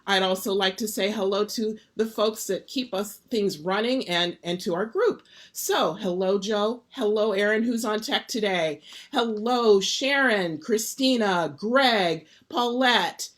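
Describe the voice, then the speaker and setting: A woman from the Detroit area hosting a live stream, greeting viewers by name in an upbeat, lively manner. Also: mid-range voice, measured pace, few pauses. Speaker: host.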